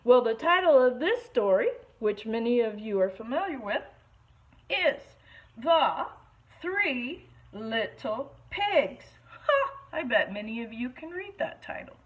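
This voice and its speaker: A woman teacher with a fairly high voice reads a picture book aloud to children at a measured pace. She's expressive and pauses to explain words. The recording is muffled and lo-fi.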